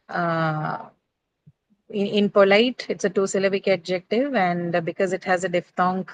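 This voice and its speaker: A woman's voice: lowish voice, low-quality recording. A woman teaching an English class on word stress in a classroom, checking in with students and often adding "right?" and "uh".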